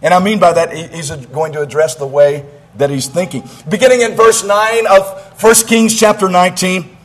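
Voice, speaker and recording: Man preaching, high-pitched voice, dramatic sermon, loud then hushed. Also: fairly even intonation, normal speed, poor audio. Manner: dramatic, swings from loud declaration to hushed low tones.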